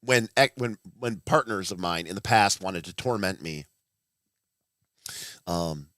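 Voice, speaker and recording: A man in his thirties talks off the cuff on a livestream, his voice sitting low. He rambles, cuts himself off and restarts, and swears bluntly. The sound is dry and close, with no room echo. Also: expressive, a little slow, fairly bright tone. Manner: rambling, self-interrupting, blunt and profane. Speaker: livestream host. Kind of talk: casual livestream chat.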